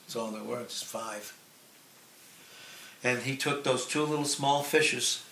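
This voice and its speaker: Male preacher, sermon delivery, drawn-out earnest phrasing; echoey room, faint noise behind. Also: mid-range voice, creaky. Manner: slow, earnest, drawn-out emphasis with soft trailing phrase endings.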